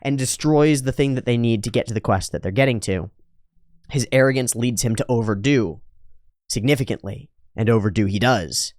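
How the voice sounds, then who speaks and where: A man hosting an anime reaction video, with sarcastic, profane and animated commentary. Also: mid-range voice, moderate pace, no echo, studio quality.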